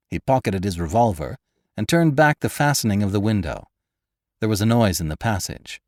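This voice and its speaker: A man narrating a classic adventure story in an expressive, dramatic way, as host. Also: on the low side, moderate pace, no room sound, clean studio sound. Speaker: audiobook narrator and podcast host.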